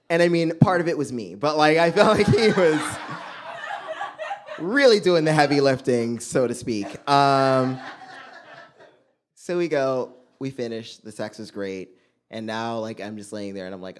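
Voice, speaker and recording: A young man telling a stand-up story on a club stage, swinging between loud punchlines and muttered asides. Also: a little high, expressive, normal speed. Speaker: stand-up comedian.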